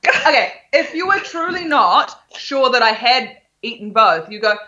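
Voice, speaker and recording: A woman co-hosting a podcast in casual chat, animated and teasing, picking apart how things were said. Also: fairly high pitch, unhurried, lo-fi sound, a crowd in the background. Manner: animated, teasing, breaks into laughter, picks apart wording. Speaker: podcast co-host.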